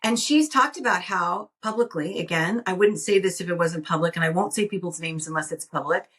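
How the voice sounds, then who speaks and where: A woman's voice: on the low side, fairly quick, fairly bright tone. A woman co-hosting a podcast, telling stories animatedly and often restarting her sentences. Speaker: podcast co-host. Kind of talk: casual storytelling chat. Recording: voice heard from a distance off the mic.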